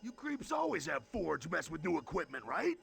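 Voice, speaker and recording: Juggernaut, gravelly brute villain. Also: male voice, on the high side, wildly swooping pitch, moderate pace, fairly bright tone, soft background music, heavily acted. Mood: indignant. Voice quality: gravelly, blustering. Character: hulking brutish male villain, hotheaded.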